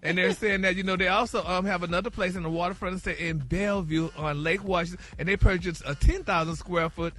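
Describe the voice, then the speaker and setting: High, bright-voiced gossip host, y'all-heavy. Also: male voice, steady tone, quick pace, hardly any pauses, faint music behind. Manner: chatty, sprinkles "honey" and "y'all" constantly. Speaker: celebrity gossip segment host. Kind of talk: radio morning show gossip.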